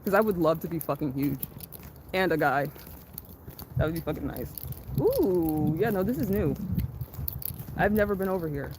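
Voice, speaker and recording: A young woman streams live from a walk in the sun, her voice swinging up and down as she chats with viewers. She swears freely, laughs a lot and reads the chat aloud. Loud outdoor noise runs under everything. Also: low voice, lively intonation, normal speed, long pauses. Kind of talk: casual live-stream chat while walking.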